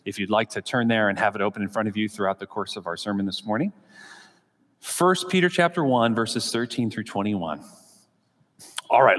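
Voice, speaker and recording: A male pastor speaks from the front of a church sanctuary in a measured, unhurried voice, easing in with the odd "uh" and "um." His voice sits at an ordinary middle pitch, and a long hall reverb trails behind each phrase. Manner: measured, unhurried with frequent uh and um fillers. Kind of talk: sermon with scripture reading.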